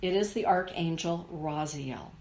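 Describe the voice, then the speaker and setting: A middle-aged woman giving a live oracle card reading to viewers, speaking in a soothing, unhurried way. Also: on the low side, darkish tone. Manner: slow, soothing, unhurried delivery. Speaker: spiritual card reader.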